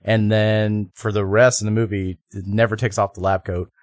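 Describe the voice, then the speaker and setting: A man co-hosting a podcast, discussing a film in a halting way with many restarts and mock quotes. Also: lowish voice, level tone, dry recording, studio quality. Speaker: podcast co-host.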